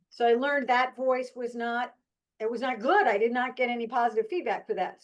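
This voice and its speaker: A woman's voice: fairly high pitch, moderate pace. A woman in her sixties, a guest telling candid, reflective stories about her life with frequent restarts. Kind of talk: reflective personal storytelling.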